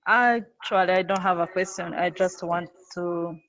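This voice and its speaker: A woman's voice: lowish voice, a bit bright, lo-fi sound. A woman taking part in an online workshop, speaking hesitantly over a video call. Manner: hesitant, slow. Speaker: workshop participant.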